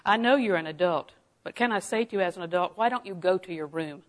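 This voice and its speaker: A middle-aged woman delivers a folksy sermon full of personal stories. She talks in an animated way, laughing often and dropping her voice to a hush for asides. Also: lowish voice, fast talker, poor audio. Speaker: preacher.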